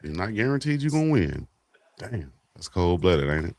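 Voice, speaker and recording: Low-voiced slangy male co-host. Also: normal speed, no echo. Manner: slangy, animated, acts out quotes. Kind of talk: casual sports talk show.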